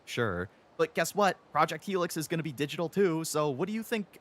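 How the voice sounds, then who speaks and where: A man's voice: a little high, expressive, fairly quick, few pauses, fairly bright tone. A man in his twenties streaming a game, ranting heatedly and with plenty of swearing about the gaming industry and mocking companies in sarcastic voices. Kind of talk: ranting live-stream chat.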